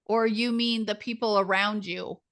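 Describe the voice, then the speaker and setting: A woman's voice: mid-range voice, fairly even intonation, moderate pace. A woman leading a community group on a video call, talking casually and animatedly, often mimicking other people's voices.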